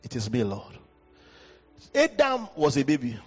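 Male pastor, West African accent, husky and lively delivery, hall reverb on a dull recording. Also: normal speed, soft background music. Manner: animated preaching, jumps high in pitch for emphasis. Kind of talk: sermon. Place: church hall. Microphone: handheld mic.

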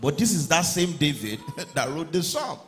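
A man's voice: on the high side, sing-song, moderate pace. Male pastor, sermon delivery that builds to emphatic peaks, roomy echo. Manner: preaching, reading scripture aloud, building to emphatic peaks. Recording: echoey room with faint ambient noise.

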